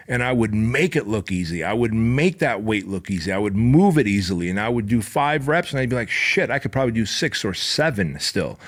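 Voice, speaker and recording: A middle-aged podcast host with a medium-pitched voice delivers a fierce, expletive-laden motivational monologue. It builds into fervent stretches where he is nearly shouting.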